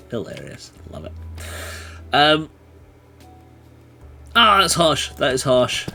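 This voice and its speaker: A man chatting through a live game stream, bursting into excited taunting yells now and then. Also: medium pitch, very slow, vocal fry, long pauses, soft background music. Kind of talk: live gaming stream commentary.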